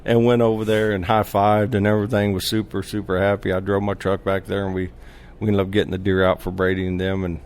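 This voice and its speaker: A man appearing as a podcast guest, telling stories in casual chat, animated and full of laughter, often restarting his sentences and acting out quoted lines. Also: low voice, fast talker, few pauses, a little hiss or hum. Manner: acts out quoted dialogue.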